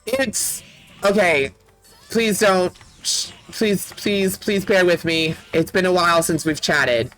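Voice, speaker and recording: A let's play streamer from Canada, chatting casually with viewers over gameplay, excitable and quick to laugh with loud playful outbursts. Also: mid-range voice, soft background music, rough recording.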